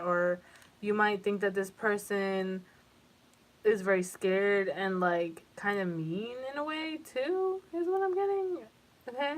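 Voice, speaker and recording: Slow-talking young woman tarot reader. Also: mid-range voice. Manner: emotional, profane, rambling with many fillers. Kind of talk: casual tarot reading to camera.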